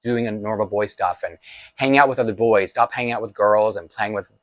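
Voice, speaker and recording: A man's voice: fairly low pitch, brisk, no room sound. A man in his forties telling a personal childhood story in a chatty, confessional way, laughing often. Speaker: vlogger. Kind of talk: storytime vlog.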